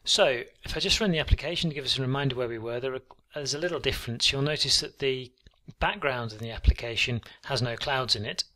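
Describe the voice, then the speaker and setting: A man walking through a coding tutorial on screen, relaxed and thinking aloud with frequent ums. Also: medium pitch, quick pace, few pauses. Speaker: programming tutor.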